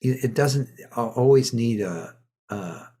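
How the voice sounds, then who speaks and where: Slow husky-voiced male host. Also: mid-range voice. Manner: relaxed, affirming listener. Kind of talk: casual interview chat.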